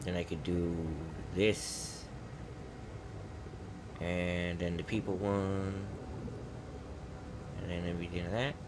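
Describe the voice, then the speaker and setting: A man's voice: deep voice, flat delivery, takes it slowly, pauses often, noisy background. A young man giving casual, rambling commentary while playing a video game, thinking aloud and muttering. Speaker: gameplay streamer. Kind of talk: casual let's-play commentary.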